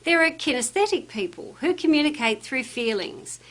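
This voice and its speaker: A woman narrates a workplace training course in a scripted, instructional way. Her voice sits fairly high and moves a lot in pitch, and she gives emphatic weight to the phrases she quotes. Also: moderate pace. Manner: lively, emphatic delivery when quoting phrases.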